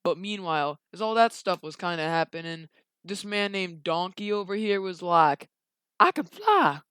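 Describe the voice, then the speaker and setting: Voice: medium pitch, fairly even intonation, moderate pace, a bit bright, clean tone, dry recording. A young video creator casually retelling a story while drawing, rambling along with slangy asides.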